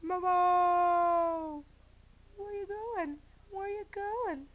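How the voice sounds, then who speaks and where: A woman's voice: high-pitched, slow pace, long pauses. A woman filming her cat at home, talking to it in playful, cooing baby talk. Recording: dull lo-fi home camera audio.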